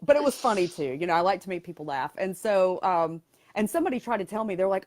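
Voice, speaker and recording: Frank, lower-voiced woman coach. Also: animated, fast talker, a little mellow. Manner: frank and blunt, with humor. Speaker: transformational coach, guest. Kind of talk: candid interview talk.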